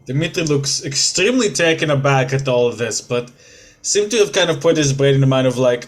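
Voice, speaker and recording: A man's voice: mid-range voice, moderate pace, faint music behind. A man narrating a tabletop game as game master, in a casual, chatty way.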